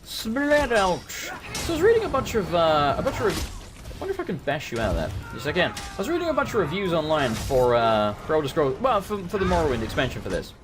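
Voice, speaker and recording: Excitable man commentating his gameplay. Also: a little high, fast, music in the background. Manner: excitable, swears often, talks to the game characters. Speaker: let's play host.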